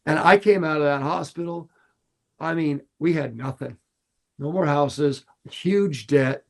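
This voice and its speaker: Earnest middle-aged man, slightly high voice. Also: unhurried, vocal fry. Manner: earnest and heartfelt, repeats phrases for emphasis. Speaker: fishing guide and podcast host. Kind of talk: casual podcast talk.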